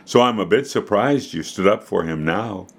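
Storybook mom, calm and patient, low plain voice, read by a man. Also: gravelly, breathy edge, full character voice. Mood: gentle. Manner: calm, measured advice. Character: patient, gentle mother.

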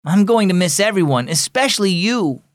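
A man's voice: on the high side, fairly even intonation, a little slow, clear, resonant tone, no room sound, clean studio sound, lightly acted. A man voicing a boy who is sad to be moving away, speaking with a shaky, sorrowful tone.

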